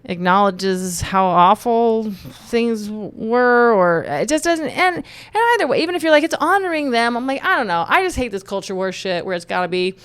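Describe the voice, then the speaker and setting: A woman's voice: medium pitch, expressive, moderate pace, few pauses, smooth, no room sound. A woman from Texas giving her opinions in a casual vlog, joking and rambling with many restarts. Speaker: YouTube commentator.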